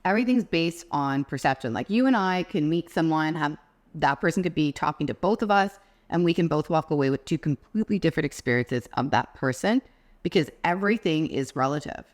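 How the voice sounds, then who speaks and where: A woman co-hosting a podcast, calmly explaining ideas in casual chat. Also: deep voice, brisk. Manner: reflective, explains ideas step by step. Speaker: podcast co-host.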